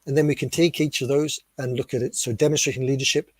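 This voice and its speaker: A man with a British accent explaining ideas to teachers in a webinar, asking rhetorical questions in a steady, clear teaching tone. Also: medium pitch, fast, no room sound. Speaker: webinar speaker on teacher development. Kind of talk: explanatory lecture.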